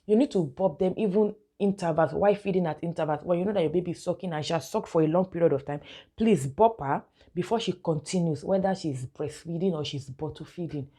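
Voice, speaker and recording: Her voice is warm and husky, fairly low, and a little fast. She's a young mom making a casual how-to vlog on baby care, chatting, laughing a lot and calling her viewers "guys" again and again.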